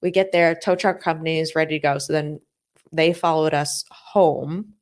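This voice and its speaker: A woman's voice: deep voice, steady tone, moderate pace. A woman in her thirties, a podcast co-host chatting casually, telling a long story that she acts out with quoted dialogue and frequent laughter. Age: 30s. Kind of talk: casual chat.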